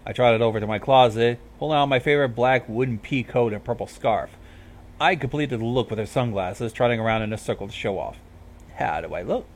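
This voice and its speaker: A man's voice: medium pitch, brisk. A man reading a fan fiction story aloud, casual with wry asides. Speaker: reader.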